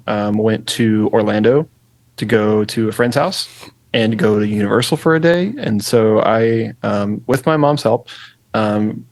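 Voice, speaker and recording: A man's voice: medium pitch, dry recording. A young man co-hosting a podcast, talking casually and rambling with lots of fillers about his daughter. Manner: relaxed, rambling with many fillers. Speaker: podcast co-host. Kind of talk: casual chat.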